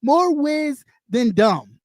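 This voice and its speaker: High-voiced woman ranting with heavy swearing. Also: big pitch swings, drawn-out words, a little mellow, no echo, studio quality. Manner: blunt, mocking, heavy swearing. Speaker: YouTube streamer. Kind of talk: profane rant on camera.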